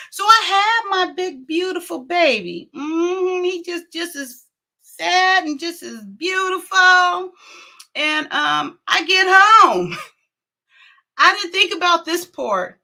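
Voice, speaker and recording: A middle-aged woman talk show host tells a story casually and with lots of animation, laughing often and acting out what people said. Her voice is high-pitched and her pace measured.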